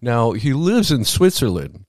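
A man's voice: mid-range voice, measured pace, dry recording. Chatty male radio co-host, dry studio sound. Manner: chatty and excitable, stumbling over words. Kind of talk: casual radio chat. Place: small home studio. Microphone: studio mic.

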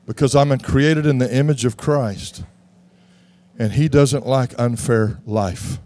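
A man from Texas, preaching a sermon in an animated way that rises to shouts. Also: medium pitch, slow. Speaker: pastor.

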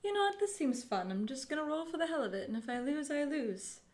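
A woman's voice: sits high, sing-song, fast talker, a little mellow. A woman playing a tabletop game, casual and giggly as she describes her character. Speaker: player. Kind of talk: tabletop role-play.

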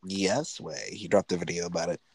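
A man's voice: low-pitched, steady tone, fairly quick, a little mellow, slightly rough, dry recording, poor audio. A young man co-hosting a podcast in casual chat, joking and laughing easily and calling his friend "bro.". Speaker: podcast co-host.

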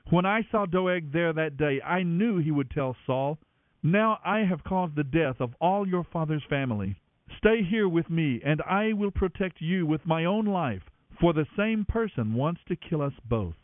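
A man's voice: fairly high pitch, lively intonation, a little slow, no room sound. A man reading aloud and voicing a young warrior leader who speaks with grave, protective resolve. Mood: grim. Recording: tinny narrow-band radio, dry.

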